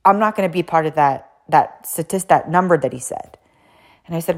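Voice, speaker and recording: A woman with a fairly low voice hosts her own podcast, spinning a casual story. Her pitch leaps and dips expressively as she talks. She is blunt, swears casually, peppers her speech with "like" and wanders into side notes. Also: a little fast. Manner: blunt and animated, swears casually, acts out quotes; frequent "like" fillers, digresses. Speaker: podcast host and coach.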